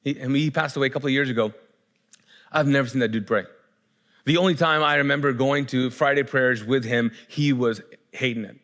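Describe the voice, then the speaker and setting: A man's voice: medium pitch, fairly quick, a bit bright. A male pastor preaching a sermon in a conversational way, often restarting his sentences and building up fervor.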